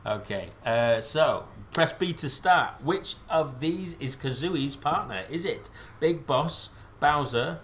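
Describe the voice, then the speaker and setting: A man's voice: fairly high pitch, expressive, slow, few pauses, a bit bright. British male quiz host, casual and self-mocking, faint background noise. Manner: rambling, self-deprecating, joking. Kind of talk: casual live-stream quiz hosting.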